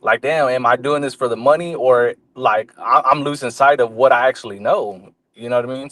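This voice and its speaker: A man with a mid-range voice talks casually as a livestream guest over a call. He thinks out loud in an easygoing way, trailing off with fillers as he makes his point. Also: medium pitch. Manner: laid-back, thoughtful, trails off with fillers.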